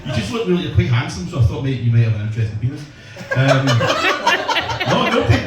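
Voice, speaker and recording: Scottish male stand-up, crude and self-mocking, lively delivery; distant mic in a very roomy club. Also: medium pitch, fairly quick, loud music behind the voice. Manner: crude, self-deprecating, banters with the crowd. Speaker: stand-up comedian. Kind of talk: stand-up set. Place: comedy club. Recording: echoey club from far off, loud noise.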